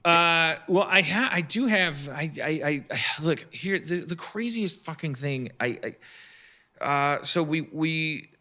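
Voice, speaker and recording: Guy with a super sharp bright voice rambling thru a funny story on a podcast, lots of stop-start. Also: on the high side, lively intonation. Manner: rambling, halting, full of restarts and asides. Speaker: podcast guest telling a story. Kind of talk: casual comic storytelling on a live podcast.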